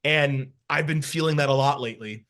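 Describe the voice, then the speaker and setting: A man co-hosting a casual podcast, telling work stories in an animated, rambling way with frequent laughter. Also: mid-range voice, fairly quick. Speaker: podcast co-host, housing professional.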